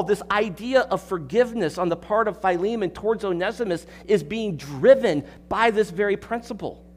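A man with a high voice preaches from the pulpit in an expository sermon. He is emphatic, circles back on his words and keeps asking the congregation questions. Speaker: pastor.

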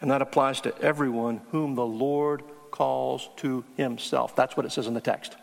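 A man's voice: mid-range voice, fairly even intonation, normal speed, creaky, in a large hall. A man preaching a teaching sermon, earnest and emphatic on key words. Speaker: pastor.

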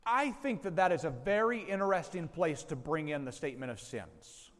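A man preaching a sermon as pastor, slow and deliberate, pausing between phrases and leaning hard on key words. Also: on the high side, lively intonation, long reverb tail.

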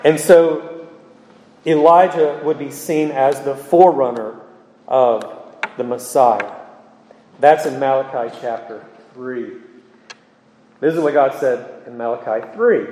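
A man preaching an expository sermon, earnest and emphatic, pausing with ums as he explains scripture. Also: medium pitch, darkish tone. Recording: echoey hall with long reverb.

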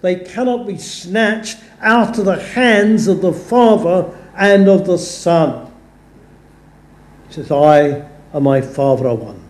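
Slowly and with a high voice, a man delivers an earnest sermon in a church or chapel. He emphasizes the scripture he quotes, and the room is echoey.

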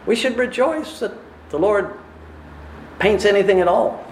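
A man preaching a sermon in a measured, deliberate way, often asking rhetorical questions. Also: high voice, echoey room, a little hiss or hum.

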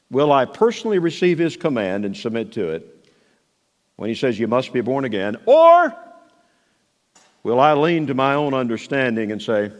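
A man preaching a sermon, moving between soft asides and raised, emphatic declarations. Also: medium pitch. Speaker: pastor. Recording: long hall reverb.

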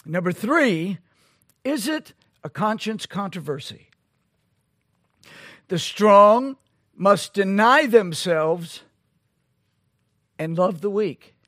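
Slow, emphatic high-voiced male pastor. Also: animated, fairly bright tone, no echo, studio quality. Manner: emphatic, rhetorical questions, slow deliberate delivery. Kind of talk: sermon.

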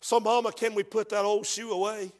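An embarrassed teenage boy pleading softly with his mama, as a preacher acts him out in a high, light voice. His words ring out through the long echo of a church hall. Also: level tone, fairly quick, lightly acted.

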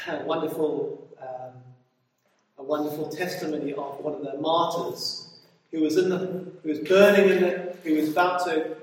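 A man preaching a Bible study sermon emphatically, with repeated words and swings between loud declarations and quiet asides. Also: on the high side. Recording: echoey hall, voice from a distance.

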